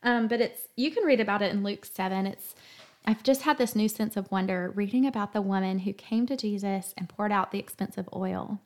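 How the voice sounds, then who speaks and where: A woman hosting a faith talk, speaking earnestly and emotionally in a gentle storytelling tone. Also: medium pitch, a little fast. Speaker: podcast host.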